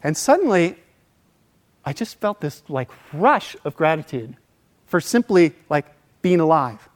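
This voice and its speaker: A man's voice: on the high side, measured pace. Man telling a story, acting out the voices. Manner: animated, acts out voices in quotes, laughs between lines. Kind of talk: casual personal storytelling.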